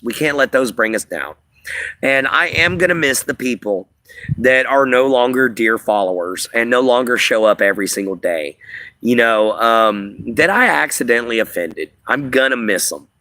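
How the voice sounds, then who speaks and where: A man hosting a live stream, chatting at length to his viewers. His voice is bright and forceful. He rambles loosely with plenty of fillers. The sound is dry and close, with no room in it. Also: medium pitch, no room sound. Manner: rambling, filler-heavy, talks to chat. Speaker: livestream host. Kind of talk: casual livestream chat.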